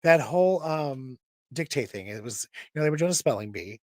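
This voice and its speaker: Tired male host, rambling chat, mid pitch, dry sound. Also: animated, brisk, no room sound. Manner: rambling, chatty, many restarts. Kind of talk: casual show chat.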